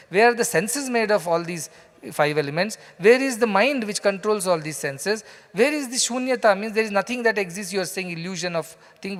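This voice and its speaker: Speaking in a high voice with a fairly bright tone, a man with an Indian English accent gives a scripture lecture in a large hall with lots of reverb. He's a spiritual teacher who tells stories conversationally to the live audience and asks them questions.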